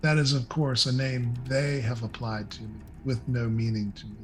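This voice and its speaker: A man voicing a grand, eerie fey woman who rules over a garden, speaking in a slow, gracious and stately way. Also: mid-range voice, level tone, slight background noise, voice pushed down, lightly acted.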